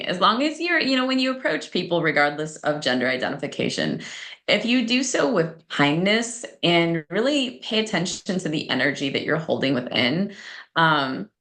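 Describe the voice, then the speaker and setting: Bright-voiced woman coach telling stories. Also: on the low side, expressive, moderate pace. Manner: chatty storyteller, laughs often, acts out quoted lines. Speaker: guest transformation coach. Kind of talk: casual podcast conversation.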